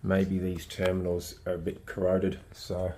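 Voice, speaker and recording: A man's voice: sits low, monotone, unhurried, dark tone. Blunt, swearing Australian man. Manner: blunt and rambling, swears a lot. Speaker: car tuner vlogger. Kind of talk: casual vlog talk while working on a car.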